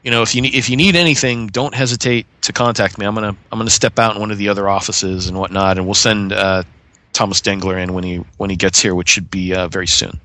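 A man's voice: on the low side, fairly even intonation, fast talker, pushed and bright, no echo. A man voicing a courteous, accommodating male official in a tabletop game, listing offers in a rambling way.

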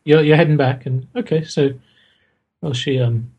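A man running a tabletop game as game master, halting and hesitant as he narrates. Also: a little high, darkish tone, husky, poor audio.

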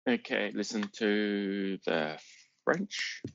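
A man's voice: on the low side, very slow, creaky, a bit bright, dull audio. A man playing a tabletop game over an online call, matter-of-fact and methodical. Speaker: player.

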